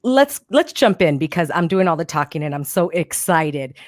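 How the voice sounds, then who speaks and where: A woman hosting a casual podcast interview, bubbly and excitable, talking fast and eagerly. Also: on the low side, no room sound, clean studio sound. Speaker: podcast host.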